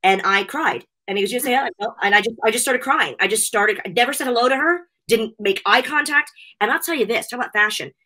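Talking fast with few pauses, this middle-aged wrestling show host chats as an interview guest in a high-leaning, sharp voice. She gushes and gets emotional, breaking into frequent laughter.

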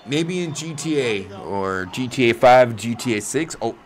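A man hosting a casual livestream, reacting to wrestling, swearing freely and breaking into loud yells. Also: mid-range voice, animated, normal speed, few pauses. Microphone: desk microphone.

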